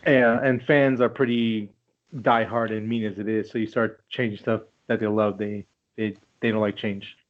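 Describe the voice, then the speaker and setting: A man's voice: fairly low pitch, level tone, moderate pace. A man co-hosting a casual chat show, loose and joking, swearing freely. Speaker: podcast co-host. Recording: dull lo-fi audio.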